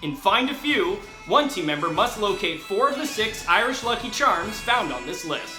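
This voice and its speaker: A man reading the rules of a game show in crisp scripted narration. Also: sits high, sing-song, normal speed. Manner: crisp rule explanations. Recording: roomy with background music.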